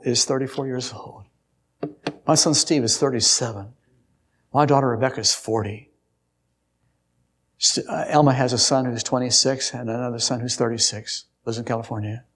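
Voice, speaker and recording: A man's voice: mid-range voice, creaky, husky. An older man preaching an earnest sermon to his congregation, laying out numbered points and telling a story from his own childhood. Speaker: pastor.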